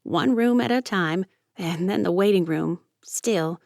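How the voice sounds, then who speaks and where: A bustling middle-aged seamstress chatters along with a gravelly edge in her voice, as a woman narrator puts her on. She sounds fussy and friendly in a storybook reading, recorded close and dry. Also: lowish voice, unhurried, a little mellow, dry recording. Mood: chatty.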